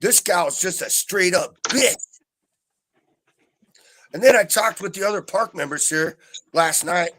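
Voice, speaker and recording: A man's voice: high voice, a little slow, pauses often, fairly bright tone, no room sound, rough recording. A man telling a story in casual chat, profane and fuming, in a rambling rant. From Southern Oregon coast, USA. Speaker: livestream chat participant. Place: trailer park home.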